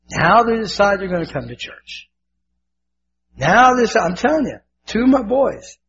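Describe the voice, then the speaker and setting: Older guy preaching hard, high gravelly voice, dull lo-fi sound with faint hiss. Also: a bit bright. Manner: fervent, emotional preaching with repetitions. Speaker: pastor. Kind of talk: sermon.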